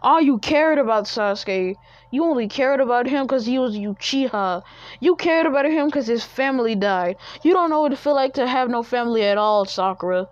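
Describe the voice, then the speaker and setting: A woman voicing a bitter, vengeful young male ninja who shouts in a raised, strained voice. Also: fairly low pitch, level tone, a little slow, no room sound, natural voice. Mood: furious. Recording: dull lo-fi recording.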